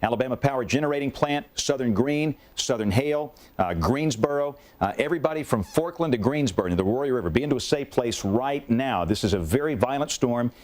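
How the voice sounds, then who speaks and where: A man's voice: medium pitch, expressive, a little fast, hardly any pauses, darkish tone. Weather man on air, folksy and urgent, lots of uh and again. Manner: urgent, folksy, many fillers. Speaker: TV meteorologist. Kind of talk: live severe weather coverage.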